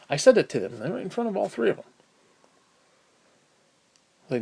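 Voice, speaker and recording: A man in pain ranting angrily and profanely to camera, swinging between loud outbursts and low mutters. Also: very animated, fairly quick, gravelly, pauses often, breathy edge. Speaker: vlogger.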